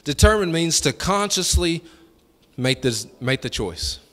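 A man preaches a sermon with a high, ringing voice. His delivery is folksy and colloquial, with call-and-response lines that swell into fervent shouting. Soft music plays beneath him in a hall with a long echo. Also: sing-song, a little slow. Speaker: pastor. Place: church sanctuary.

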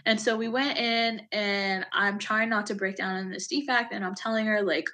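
A woman veteran speaks with a bright, clear-toned voice. She tells a painful memory candidly and plainly, filling her sentences with pauses and small fillers as she goes. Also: medium pitch, steady tone. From United States. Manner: candid, emotional retelling with many fillers. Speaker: Army veteran guest. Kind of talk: personal storytelling in an interview.

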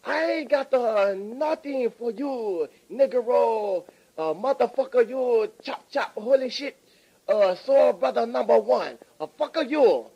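A man doing a rude cook with halting English. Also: sits high, very animated, slightly rough, dull audio, heavily acted. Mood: insulting. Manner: halting, broken phrasing, insulting.

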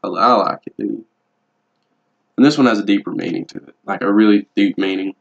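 A young man with a lowish voice and vocal fry speaks a little fast in a casual tattoo vlog. He rambles, curses bluntly, and stays laid-back throughout. The recording is dull, lo-fi home video sound.

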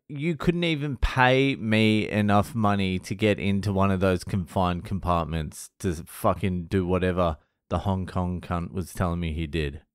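A middle-aged Australian man talks straight into the mic in a low, smooth voice, blunt and swearing freely as he rambles through a story. The sound is dry and close, with no room around it. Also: dry recording. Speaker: vlogger. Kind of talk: casual monologue vlog.

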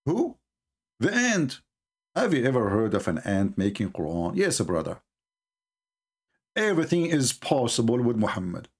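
A man's voice: lowish voice, sing-song, moderate pace, breathy edge. A man hosting a livestream, talking in a scornful, mocking way in non-native English grammar. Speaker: livestream host. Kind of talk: mocking religious debate talk.

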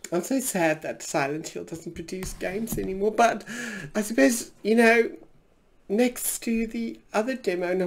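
A drag queen, a man, giving camp, theatrical gameplay commentary from a trailer, calling everyone darling, his voice turning slightly husky. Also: high-pitched. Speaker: drag queen gaming streamer.

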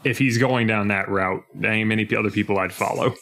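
A young man co-hosting a casual podcast, animated and jumping into mock voices as he retells scenes. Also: fairly low pitch, fast talker, creaky. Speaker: podcast co-host. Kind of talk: casual chat.

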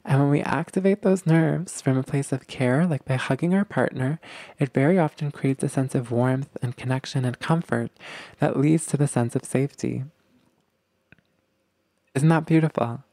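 A man giving relationship advice in a gentle, explanatory way, often checking in with his listeners. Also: mid-range voice, normal speed, no echo. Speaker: relationship coach.

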